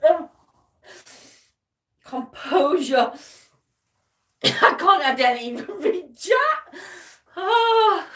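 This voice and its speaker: A woman's voice: very animated, extremely slow, fairly bright tone. A woman hosting a paranormal chat, helpless with laughter and teary, squealing and gasping between words. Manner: giggly, gasping, high squeals. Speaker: paranormal show host. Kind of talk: casual livestream chat. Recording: roomy, from a distance.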